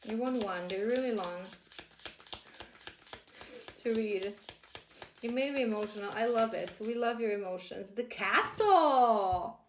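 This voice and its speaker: A woman's voice: mid-range voice, a little slow, pauses often, roomy sound, background noise. A woman reading tarot-style cards as spiritual guidance, earnest and encouraging, often restarting her sentences. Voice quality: emotional, laughing warmly at times. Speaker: tarot card reader.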